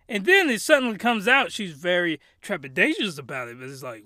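A man's voice: high voice, sing-song, normal speed, few pauses, pushed and bright, dry recording, studio quality. A young man reviewing an anime in a rambling, hyped comedy vlog, full of crude jokes and restarts.

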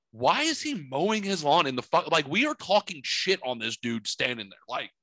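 A middle-aged man hosting a casual chat, telling rambling, profane, animated stories from his home studio. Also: a little high, no room sound. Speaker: podcast host.

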